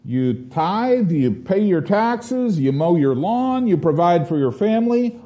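Male preacher, slightly higher voice, mellow, unhurried, swings into bold declamation. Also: big pitch swings. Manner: slow deliberate preaching, rising to forceful declamation in scripture readings. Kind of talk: sermon.

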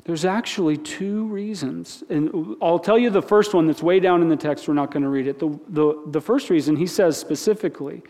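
Preaching casually at normal speed, a man with a slightly high, darkish voice repeats words and questions his listeners. The church sermon rings with the long reverb of a large hall.

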